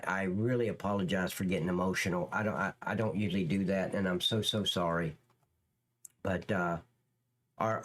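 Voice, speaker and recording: A man hosting a live stream in a loose, rambling chat, swearing freely and answering comments from viewers. His pitch swings widely from line to line.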